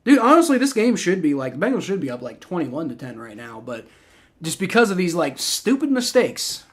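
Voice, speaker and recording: A young man hosting a live stream, giving rambling, excitable reactions and play-by-play while he watches a football game and swears freely. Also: on the high side, a little fast. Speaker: livestream host.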